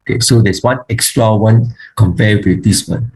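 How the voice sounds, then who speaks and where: A man teaching a grammar lesson, speaking haltingly with frequent fillers and restarts, and slowly reciting word forms one by one. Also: on the low side, vocal fry, darkish tone, low-quality recording. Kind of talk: online Hebrew grammar lesson.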